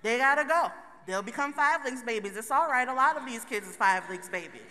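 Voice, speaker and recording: A woman speaks from a stage in a big conference hall. Her voice is high and bright. She talks to the crowd directly in a loose, joking way, and the long reverb of the hall trails after her words. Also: animated, a little fast. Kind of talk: motivational talk to a live audience.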